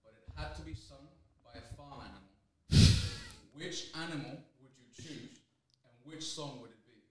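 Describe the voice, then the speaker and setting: A man's voice: fairly high pitch, normal speed. A man in a casual podcast chat, playfully asking an offbeat question. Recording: distant, roomy, noisy.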